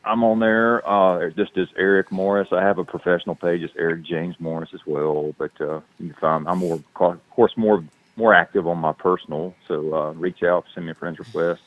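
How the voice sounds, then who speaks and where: A man's voice: sits low, steady tone, moderate pace, hardly any pauses. A man with a Southern accent, an actor guest chatting in an interview in a laid-back, rambling way with lots of fillers. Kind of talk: casual interview chat. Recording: tinny phone-line sound.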